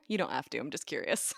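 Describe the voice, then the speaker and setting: A woman's voice: sits low, creaky, dry recording, clean studio sound. A woman co-hosting a podcast, talking in a thoughtful, laid-back, casual way. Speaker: podcast co-host. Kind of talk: casual chat.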